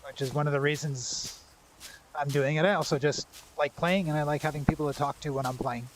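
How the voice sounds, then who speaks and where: A chatty man streams a hunting game live and talks viewers through what he is doing. His voice sits a touch high, with a faint hiss of noise behind it. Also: steady tone, a little fast, low-quality recording. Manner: chatty, explains as he plays. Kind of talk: live gameplay commentary.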